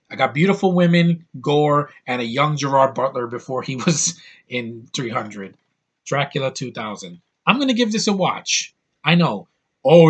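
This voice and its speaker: A man's voice: medium pitch, fairly bright tone, breathy edge. Blunt, opinionated man in his thirties. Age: 30s. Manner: blunt, opinionated and rambling with crude outbursts. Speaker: YouTube reviewer. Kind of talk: casual DVD haul vlog.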